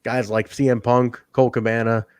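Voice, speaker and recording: A man's voice: medium pitch, little pitch movement, moderate pace, a little mellow, a little hiss or hum. A man co-hosting a wrestling podcast in casual chat, swearing freely, rambling and laughing often. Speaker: podcast co-host.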